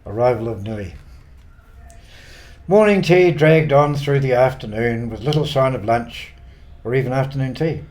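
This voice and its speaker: An older man with a New Zealand accent narrates his own travel memoir, unhurried and quietly wry. His voice sits at an ordinary middle pitch for a man. It is a read-aloud yarn, paced for the listener. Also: animated. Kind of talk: scripted narration.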